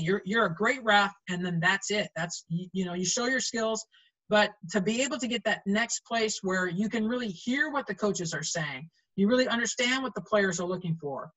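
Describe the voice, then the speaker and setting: A woman's voice: medium pitch, pushed and bright, rough recording. A middle-aged woman, a volleyball referee, chatting animatedly in an interview and acting out quoted lines as she tells stories. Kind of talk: storytelling in an interview.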